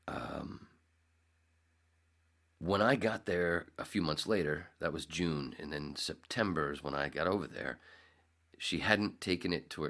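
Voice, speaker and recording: A man's voice: a bass voice, gravelly, fairly bright tone. A man in his fifties hosting a podcast, telling a long rambling story with restarts and acted-out quotes. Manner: rambling, self-correcting, acts out quotes. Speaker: podcast host. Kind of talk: casual storytelling.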